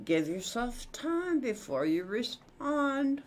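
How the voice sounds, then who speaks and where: A woman's voice: on the high side, big pitch swings, slow. A woman co-hosting a casual talk show, reading out short tips. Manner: brief, reads out tips. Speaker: podcast co-host. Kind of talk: casual chat.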